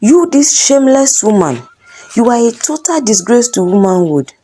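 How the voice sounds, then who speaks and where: Woman doing a furious shouting husband. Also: medium pitch, sing-song, moderate pace. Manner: shouting, accusing. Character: angry jealous husband, middle-aged man.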